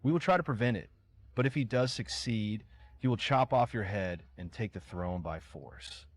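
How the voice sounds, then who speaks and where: A man's voice: on the low side, expressive, normal speed. Beatrice, a scornful empress mother, as a man reads her lines. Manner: curt and scolding.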